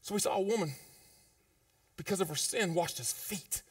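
A man preaching a sermon as pastor, in a conversational, informal way with slang, swinging between loud emphatic peaks and low quiet asides. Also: moderate pace, slightly rough, no room sound, distant mic. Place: church sanctuary.

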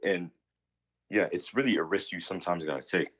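Husky deep-voiced young man calling in. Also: brisk, a bit bright. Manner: rambling, defensive. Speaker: caller. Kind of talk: casual chat.

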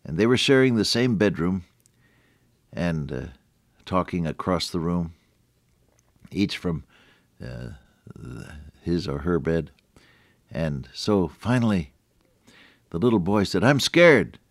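A man's voice: deep voice, lively intonation, takes it slowly, long pauses, dry recording, studio quality. Older man preaching a folksy radio sermon. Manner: folksy, chuckling, many restarts.

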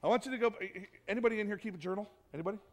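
A man pastor giving a sermon in a church, conversational and animated, acting out what people say. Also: high-pitched, racing, lo-fi sound. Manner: conversational, animated preaching with acted-out quotes.

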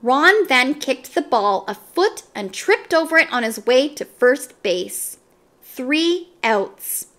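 A woman reads a children's chapter book aloud in an expressive, storyteller's way. Her voice is bright and sits a little high, moving through a lively range at an unhurried pace. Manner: expressive, animated narration. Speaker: storybook reader.

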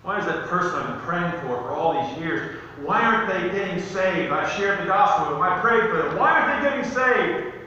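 Pastor, man, high and bright voice, conversational sermon with emphatic peaks, recorded from a distance in a reverberant church hall. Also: slight background noise. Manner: conversational preaching with personal stories, rising to emphatic peaks. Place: church sanctuary. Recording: echoey church hall, distant mic, slightly dull.

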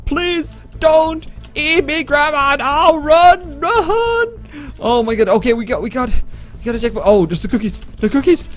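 A man's voice: very high-pitched, a bit bright. A man giving gameplay commentary as a YouTuber, panicky and stammering. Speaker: gaming YouTuber.

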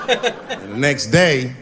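Profane middle-aged man doing stand-up. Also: a little high. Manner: profane, loose conversational storytelling. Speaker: stand-up comedian. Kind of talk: stand-up comedy. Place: stage before a live audience. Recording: noisy live stage recording.

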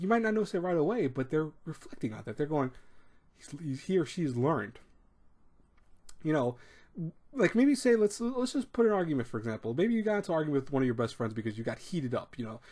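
A man's voice: on the high side, very animated, fast talker, a little mellow. A man hosting an advice video, talking in a rambling, emphatic way with many restarts and acted-out quotes. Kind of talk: casual advice monologue.

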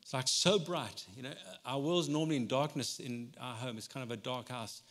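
A man preaching a sermon as pastor in a conversational way, swinging between loud and soft passages. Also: mid-range voice, moderate pace. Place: church hall. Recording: long hall reverb.

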